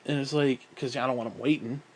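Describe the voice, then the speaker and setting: A man's voice: medium pitch, steady tone, a little fast, slight background noise. A man telling a rambling story in a casual monologue, swearing often, exasperated and mocking himself, with frequent sighs. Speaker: vlogger.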